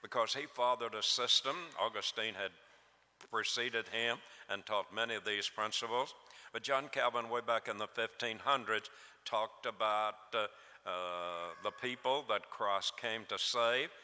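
A male preacher delivers an evening sermon, measured and emphatic, leaning hard on key words. His voice sits fairly low but cuts through with a sharp, forceful edge. The sound rings out with long reverb from a church hall.

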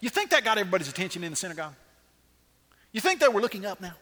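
Animated high-voiced male preacher. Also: big-room sound. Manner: animated, dramatic pauses, rhetorical questions. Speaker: pastor. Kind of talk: sermon.

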